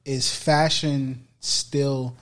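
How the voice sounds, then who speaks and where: A man's voice: medium pitch, flat delivery, very slow. A man interviewing a guest, asking prompting questions in a conversational way. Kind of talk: casual interview.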